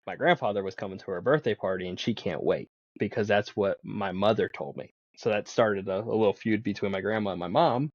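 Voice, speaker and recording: Podcast guest, a man with a lowish voice; loose, chatty storyteller, slightly muffled dry sound. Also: dry recording. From Pennsylvania. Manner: rambling, laughs often, swears casually. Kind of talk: casual storytelling.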